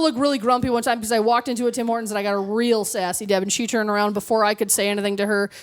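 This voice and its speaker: A woman from Canada performing a stand-up comedy set on stage, with animated, mock-indignant storytelling. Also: on the high side, rapid-fire, few pauses, a faint crowd. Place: comedy club stage with audience laughter.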